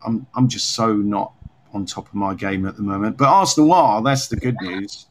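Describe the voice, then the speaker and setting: A man co-hosting an unscripted chat, rambling and gently sarcastic about himself. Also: fairly low pitch, normal speed, slight background noise. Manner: rambling, self-mocking, slightly sarcastic. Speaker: podcast co-host.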